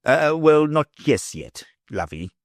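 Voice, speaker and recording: A man's voice: lowish voice, sing-song, unhurried, no echo, studio quality. A man voicing a scheming, uneasy middle-aged ruler who plots a conspiracy. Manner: sly and uneasy.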